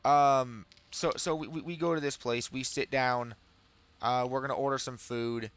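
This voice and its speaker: A man's voice: medium pitch, fairly even intonation, moderate pace, a bit bright, smooth. A man chatting casually with his viewers while he streams a game, telling rambling stories that amuse him. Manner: rambling, self-amused storytelling.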